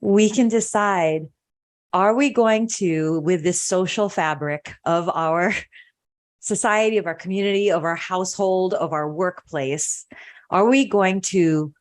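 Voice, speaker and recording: Earnest woman podcast host with a lowish voice. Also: measured pace. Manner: earnest, reflective, repeats phrases for emphasis. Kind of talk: casual podcast conversation.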